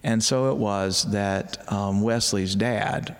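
A middle-aged pastor and author, telling stories as an interview guest, often restarting and acting out voices. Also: male voice, fairly low pitch, slow, clean tone, long reverb tail. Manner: animated storyteller who restarts often and acts out voices.

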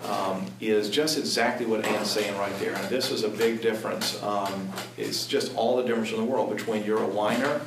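Man, low voice, earnest, emphatic, halting, distant mic, echoey room. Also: fairly even intonation, noisy background. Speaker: parent speaking on Christian parenting. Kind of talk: conversational talk.

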